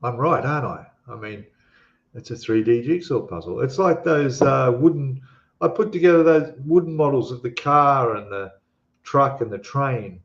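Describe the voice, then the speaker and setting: A man's voice: mid-range voice, normal speed. A man with an Australian accent, hosting a live stream and chatting casually with viewers, rambling with lots of fillers and restarts. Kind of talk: casual live stream chat reading comments. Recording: echoey room, dull lo-fi sound.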